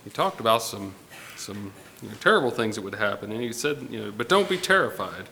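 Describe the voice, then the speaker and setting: A man preaching a Sunday morning sermon to his congregation, unhurried and pausing often with fillers. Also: on the low side, very animated, gravelly, sharp tone, slight background noise. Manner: unhurried, pausing with fillers, reading scripture aloud. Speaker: pastor. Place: church sanctuary. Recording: long hall reverb with faint ambience.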